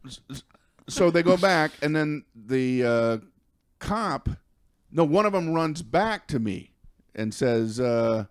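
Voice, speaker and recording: A male comedian, a guest on a podcast, tells a comic story with animated stammering restarts. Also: a little high, slow, clean tone.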